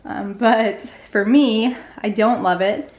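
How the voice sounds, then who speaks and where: A woman's voice: mid-range voice, fairly even intonation, slow pace, darkish tone, echoey room. A young woman and mother giving a casual home-tour vlog, chatty with lots of "um" and "like". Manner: chatty, filler-heavy with frequent "um" and "like". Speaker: vlogger, mother. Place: home playroom.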